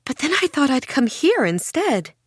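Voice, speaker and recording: A woman's voice: deep voice, steady tone, moderate pace, a bit bright, dry recording, studio quality. A woman narrator voicing a smug, chirpy shop customer who is pleased with herself.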